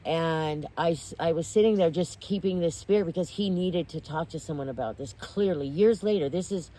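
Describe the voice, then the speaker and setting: A woman telling a personal story in casual podcast chat, animated and intense, restarting her sentences and near tears. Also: sits low. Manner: animated, intense, self-interrupting, quick to tears. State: tearful. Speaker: guest.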